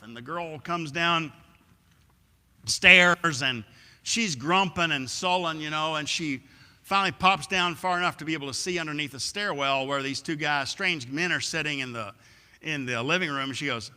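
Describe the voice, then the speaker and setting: A male preacher spins a vivid story during a sermon and acts out the scenes as he goes. His voice is bright and sharp, a bit higher than average, and it reverberates through a church. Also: moderate pace. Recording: echoey church hall.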